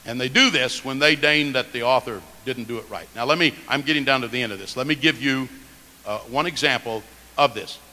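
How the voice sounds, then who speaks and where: Male preacher, bright and forceful, lively delivery, long reverb of a big hall. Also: medium pitch, a little fast. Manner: animated, emphatic, shifts loudness and stress. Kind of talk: sermon.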